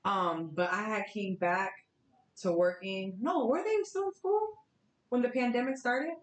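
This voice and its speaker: A woman in her thirties hosting a podcast, telling stories in a chatty, animated way. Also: mid-range voice, measured pace. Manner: chatty, animated storytelling with laughs. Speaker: podcast host. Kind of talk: casual chat. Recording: roomy, echoey sound.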